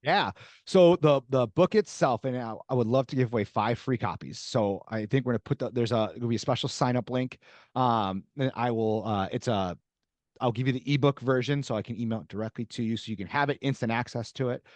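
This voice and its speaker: Animated male guest in a dry room. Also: mid-range voice, a little fast, no room sound. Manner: animated storyteller acting out dialogue. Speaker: podcast guest, author. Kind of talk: casual interview conversation.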